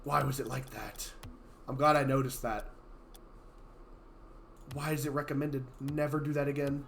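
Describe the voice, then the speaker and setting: A man hosting and casting a live gaming tournament in a casual, chatty way, his voice a little hoarse from being sick, with sudden loud excited outbursts. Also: medium pitch, moderate pace, slight background noise. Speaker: tournament host and caster. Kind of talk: casual live-stream commentary.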